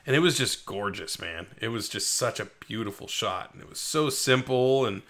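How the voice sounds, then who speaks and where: A man co-hosting a podcast, chatting casually about a film and acting out its scenes with lively voice jumps. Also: normal speed. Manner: animated retelling of scenes, acting out characters with big pitch jumps. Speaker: podcast co-host. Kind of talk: casual movie review chat.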